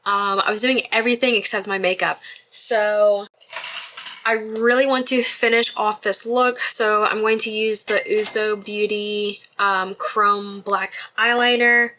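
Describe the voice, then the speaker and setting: A woman's voice: medium pitch, steady tone, a little slow, sharp tone, slight background noise. A young woman chatting casually through a makeup tutorial in her bedroom, apologizing often and laughing at herself. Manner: chatty, apologetic, self-deprecating. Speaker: beauty vlogger.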